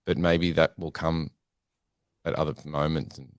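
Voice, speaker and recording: Podcast guest: man with a very deep voice, tired and sleep-worn, measured delivery, dry sound. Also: level tone, no echo. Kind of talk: casual conversation.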